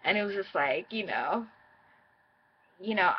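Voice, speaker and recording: A woman tells her own story straight to her viewers, blunt and profane. Her voice is husky. The audio sounds dull and muffled. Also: medium pitch, expressive, measured pace, long pauses. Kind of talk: casual personal storytime.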